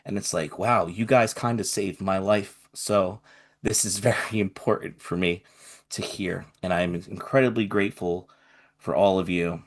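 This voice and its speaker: A man with a lowish voice speaking with earnest, tender sincerity. He drifts quieter and softer, holding back tears. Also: steady tone, measured pace. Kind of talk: emotional personal testimony.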